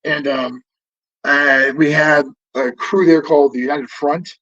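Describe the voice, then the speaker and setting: A man in his fifties tells stories as a podcast guest, rambling along with plenty of swearing, false starts and fillers. His voice sits a bit high for a man. The recording sounds dull and lo-fi. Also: fairly even intonation, measured pace, fairly bright tone. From Southern California. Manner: rambling and profane, full of fillers and restarts. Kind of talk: casual storytelling interview. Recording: dull lo-fi audio.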